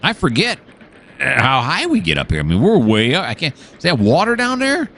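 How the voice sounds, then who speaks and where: A man's voice: fairly high pitch, wildly swooping pitch, moderate pace, a bit bright, slight background noise. A man hosting casual let's-play commentary, rambling and musing aloud with many fillers and restarts. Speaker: gaming channel host.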